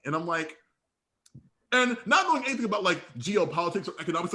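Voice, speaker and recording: Young man, podcast co-host, casual profane storytelling, acts out dialogue, bright, lively intonation. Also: high voice, a little fast. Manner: profane, slangy, tells stories with acted-out dialogue.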